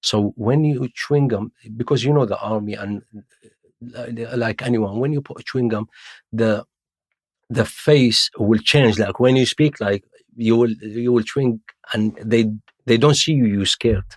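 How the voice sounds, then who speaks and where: A man's voice: medium pitch, unhurried, darkish tone, dry recording, clean studio sound. A middle-aged Iraqi man, native Arabic speaker, telling his story in broken English with London slang and acting out other people's voices, as a podcast guest. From Iraq. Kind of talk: casual storytelling interview.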